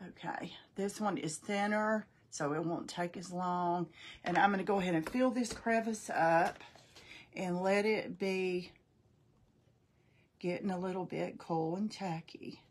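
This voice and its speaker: A woman's voice: lowish voice, a little slow. A middle-aged woman casually demonstrating a craft live, chatting folksily, thinking aloud and greeting viewers by name.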